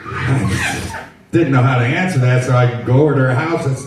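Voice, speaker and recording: A man's voice: mid-range voice, normal speed. A man in his sixties doing a stand-up routine in a dry, rambling storytelling way. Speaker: stand-up comedian. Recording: echoey venue, mic from far off, faint noise.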